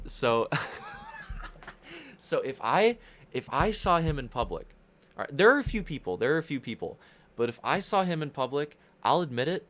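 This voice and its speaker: A man's voice: medium pitch, a bit bright, a little hiss or hum. A young man rambling through casual livestream race commentary, profane and constantly interrupting himself.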